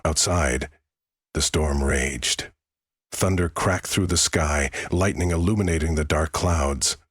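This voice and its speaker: Man, true-crime narrator, grave, dramatic, very low, dry studio sound. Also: slightly rough, dry recording.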